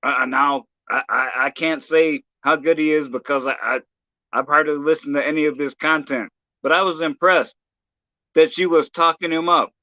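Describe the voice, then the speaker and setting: Here a stammering streamer delivers a profane, halting rant full of restarts. He sounds a little high, steady, bright and forceful, on a muffled recording without room sound.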